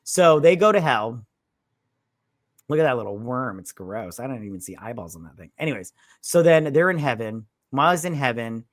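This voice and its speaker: A man's voice: mid-range voice, very animated, normal speed, no echo. A man recapping a film in a loose, rambling way. His delivery is crude and meandering, full of filler. The sound is dry and close, with no room in it. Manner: rambling, crude, keeps slipping into acted-out quotes. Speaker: co-host of a movie review show. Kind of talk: casual chat, retelling a film plot.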